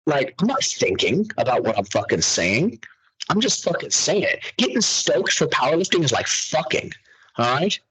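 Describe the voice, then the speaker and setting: A man's voice: on the high side, normal speed, slightly rough, low-quality recording. A young man hosting a podcast, ranting animatedly in profane casual chat. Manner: animated, ranting, heavy swearing. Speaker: podcast host.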